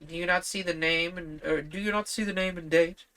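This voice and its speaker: A man voicing a courteous young man who explains things with calm, slightly superior politeness in a storybook reading. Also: fairly high pitch, brisk, clear, resonant tone, pitched above the performer's own voice. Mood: politely explaining.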